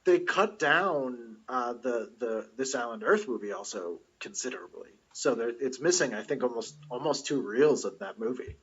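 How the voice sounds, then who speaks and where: A husky man in his forties, a comedian guesting on a casual podcast, who explains things in detail. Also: medium pitch, lively intonation, normal speed, few pauses, dull audio. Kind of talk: casual chat.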